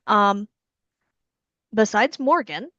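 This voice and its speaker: A woman's voice: mid-range voice, very slow, no echo. American woman author on a muffled call. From United States. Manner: relaxed, friendly questions with brief backchannels. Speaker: author and host. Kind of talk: casual interview chat. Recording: slightly muffled video call audio.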